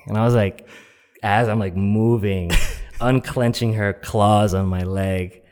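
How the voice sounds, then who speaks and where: A young man with a fairly low voice tells a personal story in a loose, casual way. He rambles and fills every gap with "like" and "um". He keeps the tale moving without polish. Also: a little slow, darkish tone, in a large hall. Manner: rambling, heavy on "like" and "um" fillers. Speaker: storyteller guest.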